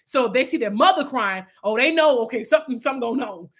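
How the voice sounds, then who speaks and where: A woman with a high, bright voice leads a Bible study, speaking to her viewers in an earnest, heartfelt way. She talks loosely and warmly to them, rambling a little and restarting sentences as her thoughts come. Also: lively intonation, quick pace. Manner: heartfelt, earnest, addresses listeners as y'all. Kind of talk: casual spiritual talk to viewers.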